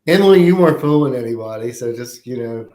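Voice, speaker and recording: A man's voice: mid-range voice, animated, brisk, a little mellow. Friendly man panelist in an echoey room. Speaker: panel guest. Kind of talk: roundtable discussion. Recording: roomy echo.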